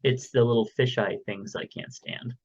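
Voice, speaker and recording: A man's voice: mid-range voice, steady tone, moderate pace, a little mellow, dull audio. A man co-hosting a podcast in casual, rambling chat, joking and trailing off with fillers, recorded at home. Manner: rambling, jokey, lots of fillers. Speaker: podcast co-host. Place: home recording room, window open.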